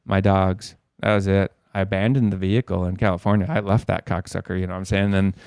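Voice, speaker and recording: A man's voice: sits low, little pitch movement, quick pace, a little mellow, clean tone, no room sound, studio quality. A man as a podcast guest, telling a long story in a rambling way, swearing a lot. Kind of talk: casual storytelling.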